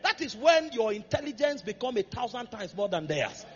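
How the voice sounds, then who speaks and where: Male preacher, high and highly animated, shouting and chanting his points; muffled recording in a reverberant hall. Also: normal speed. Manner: impassioned, rising to shouts and sing-song cadences. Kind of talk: sermon.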